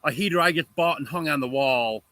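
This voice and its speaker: A man's voice: fairly high pitch, a little fast, pushed and bright, dry recording. A man chatting as a guest on a livestream, answering in short, matter-of-fact replies. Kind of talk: casual chat.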